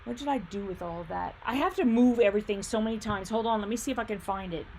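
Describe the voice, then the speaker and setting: A woman's voice: medium pitch, fast, a little mellow, slight background noise. A woman hosting a casual livestream, chatting and thinking aloud as she reads viewer comments, laughing easily and humming while she fiddles with her screen. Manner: laughs easily, hums filler sounds. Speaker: livestream host and quilt shop owner.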